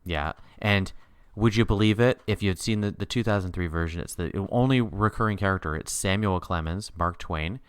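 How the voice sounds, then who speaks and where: Deep smooth-voiced laughing man. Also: normal speed, no echo, studio quality. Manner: animated and laughing, with sudden upward pitch jumps. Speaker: podcast co-host. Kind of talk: casual chat recapping a TV miniseries.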